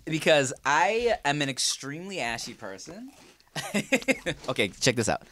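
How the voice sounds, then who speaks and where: A man's voice: fairly high pitch, very animated, bright, forceful tone. A man co-hosting a comedy podcast who jokes and riffs, mimicking other people. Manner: joking, quick to riff and mimic. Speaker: podcast co-host. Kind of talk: casual comedy podcast chat.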